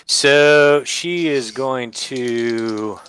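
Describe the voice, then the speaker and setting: A man playing a tabletop game at an unhurried pace. He sounds relaxed and counts his damage out loud. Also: mid-range voice, clean tone. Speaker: player. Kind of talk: casual tabletop play.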